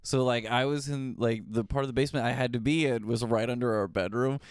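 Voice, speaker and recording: A man's voice: medium pitch, fairly even intonation, fairly quick, smooth, dry recording, clean studio sound. A man who is a comedian, guesting on a podcast in casual chat, joking and teasing the host.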